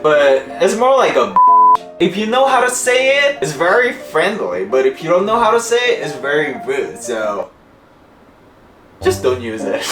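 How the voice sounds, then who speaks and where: Playful Korean-accented young man teaching. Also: a little high. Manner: playful, laughs at himself. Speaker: host. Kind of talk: casual language lesson. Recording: roomy room with music behind.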